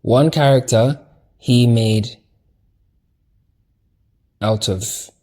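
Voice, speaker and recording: A man's voice: medium pitch, extremely slow, dark tone. A man giving a loose, casual spiritual lecture with slang, emphasis, and frequent fillers. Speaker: teacher.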